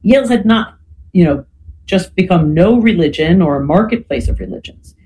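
A lecturer talking through a subject in a relaxed, conversational way. The voice is warm and mellow, with frequent "right?" checks and "you know" fillers. A faint hiss sits under it. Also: medium pitch, normal speed, rough recording. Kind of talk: explanatory talk.

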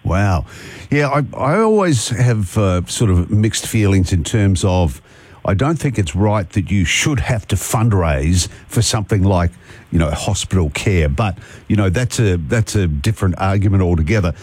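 A man's voice: low voice, expressive, normal speed, a little mellow. An Australian man hosting a breakfast radio show, chatting casually with a guest and throwing in jokes and sarcastic asides. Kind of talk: casual radio interview chat.

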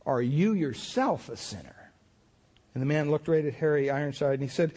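A man's voice: a little high, sing-song, normal speed, darkish tone, husky. A man pastor preaching a sermon in a folksy, storytelling way, acting out the people in his anecdotes. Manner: folksy storytelling with many restarts and voiced quotes.

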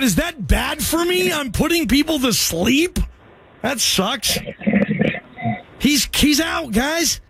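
High-voiced, hyped sports radio host. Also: male voice, slow, gravelly, slight background noise. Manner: energetic, loose, jokey, calls callers bro. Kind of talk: call-in radio talk.

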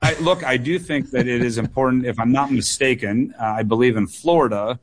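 A man's voice: medium pitch, fairly quick. A man running for office, answering listener questions in a radio interview in an earnest way, repeating words for emphasis. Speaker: political candidate guest.

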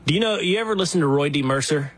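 A man's voice: on the high side, lively intonation, racing, fairly bright tone. A man from Texas who hosts the interview and asks long, rambling questions with many restarts. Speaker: interview host. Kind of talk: casual conversation.

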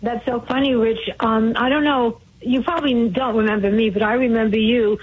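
Brief: female radio caller from Brooklyn, husky, higher voice, tinny phone line. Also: fairly even intonation, normal speed. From Brooklyn, New York.

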